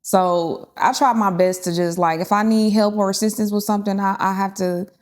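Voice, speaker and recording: A woman speaks as a guest in a casual podcast chat. She talks frankly, often pausing and restarting as she thinks. Her voice sits at a middle pitch for a woman. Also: steady tone, a little mellow, slight background noise. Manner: candid, thinks aloud with restarts and fillers. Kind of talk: casual conversation.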